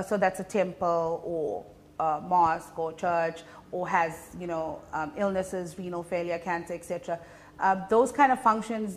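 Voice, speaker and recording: A woman with a South African Indian English accent, a comedian being interviewed, telling stories in an animated, chatty way with many fillers. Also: on the low side. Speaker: comedian guest. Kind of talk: casual interview chat.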